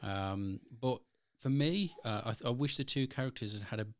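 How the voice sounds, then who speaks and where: A man's voice: mid-range voice, normal speed, no room sound. A man co-hosting a casual film review, talking in a rambling way with many ums and restarts.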